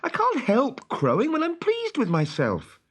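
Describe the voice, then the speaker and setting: A man's voice: extremely high pitch, huge pitch swings, fairly bright tone, husky, voice pushed up, full character voice. A man reading a storybook aloud and voicing a cocky, boastful boy who crows when pleased and snaps when cross. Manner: crowing, quick to snap.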